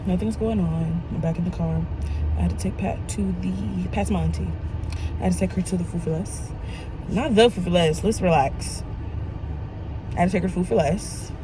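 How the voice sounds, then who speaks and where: A young adult woman talking casually in a vlog, animated and swearing freely. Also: fairly low pitch, moderate pace, background noise. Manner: animated, swearing, laughing often. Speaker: vlogger. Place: in a car and outdoors.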